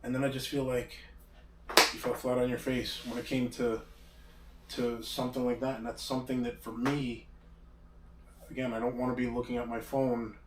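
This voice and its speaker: A man's voice: medium pitch, level tone, moderate pace, pauses often. A man hosting a casual chat, talking in a rambling, hesitant way with many restarts. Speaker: host. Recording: roomy echo, distant mic, faint background hum.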